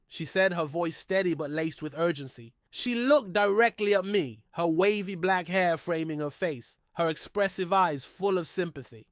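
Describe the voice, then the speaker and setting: A man telling an emotional first-person drama, his delivery tense and dramatic. His voice is somewhat high for a man, and the recording is dry with no room sound. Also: normal speed, few pauses, no echo. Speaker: narrator. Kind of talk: first-person story narration.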